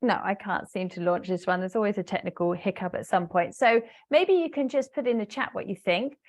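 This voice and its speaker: A woman business English trainer giving an online webinar, explaining step by step with frequent fillers and pauses. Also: medium pitch. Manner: hesitant fillers, explanatory, talks to a live audience.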